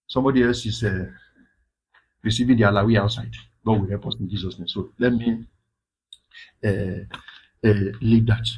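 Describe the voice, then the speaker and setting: A man hosts a marriage advice talk in a husky, slightly breathy voice. He talks in a lively, preachy way and scatters pidgin asides through his points. His pitch sits in a middling range. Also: rough recording. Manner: animated, preachy, with pidgin interjections. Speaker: relationship advice host. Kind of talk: casual advice monologue.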